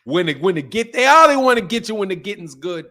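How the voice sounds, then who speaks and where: A man with a fairly high voice hosts a live boxing stream and trash-talks with swagger. He laughs a lot and speaks. His delivery swings from shouted outbursts to low mutters. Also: sing-song, quick pace. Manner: brash, trash-talking, laughs often, swings from loud to low. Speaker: boxing channel host. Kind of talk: live stream commentary with viewer chat.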